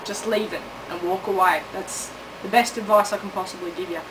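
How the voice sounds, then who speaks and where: A woman's voice: medium pitch, steady tone, a little fast, far from the mic, background noise. A woman from Australia with an Australian accent, delivering a sweary, sarcastic comic monologue and correcting herself as she goes. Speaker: comic vlogger.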